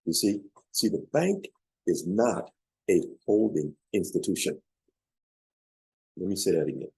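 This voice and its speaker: A man's voice: deep voice, very animated, unhurried, darkish tone, slightly rough, dry recording, rough recording. A man coaching on business funding, telling a story emphatically, repeating key points and checking in with listeners. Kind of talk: motivational storytelling talk.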